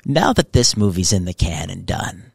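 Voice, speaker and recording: A man's voice: deep voice, sing-song, moderate pace, vocal fry, darkish tone, slightly rough, dry recording, clean studio sound. A man hosting a podcast interview, asking loose, rambling questions. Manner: loose, trailing questions with fillers. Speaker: podcast host. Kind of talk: casual interview.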